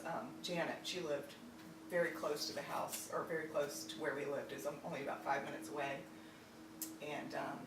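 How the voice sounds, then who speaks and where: A woman from Virginia telling a personal family story, halting with many fillers and restarts. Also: low-pitched. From Virginia, United States. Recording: roomy echo, distant mic, faint noise.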